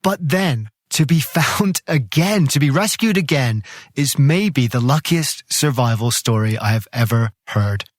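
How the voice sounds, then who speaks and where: Guy hosting a podcast, mid pitch, dry close mic, narrates with lots of emphasis. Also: lively intonation, measured pace, no echo. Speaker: podcast host. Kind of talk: scripted narration.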